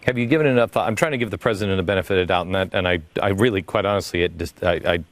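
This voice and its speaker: A man hosting a radio interview, earnest and halting, stopping and restarting his sentences. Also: low-pitched. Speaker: talk show host.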